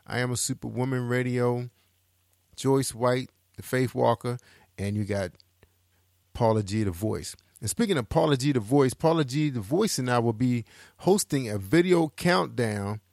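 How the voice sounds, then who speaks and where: A man's voice: medium pitch, normal speed, vocal fry, a little mellow, no echo, clean studio sound. A man hosting a podcast, chatting in a casual radio style and hyping upcoming shows, often repeating phrases for emphasis. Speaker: podcast host.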